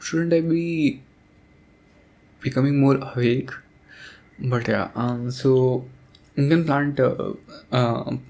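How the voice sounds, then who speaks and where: A young man rambling sleepily about a game as a sleep aid, soft-spoken and hesitant, with many pauses and fillers. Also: medium pitch. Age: young adult. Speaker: audio creator.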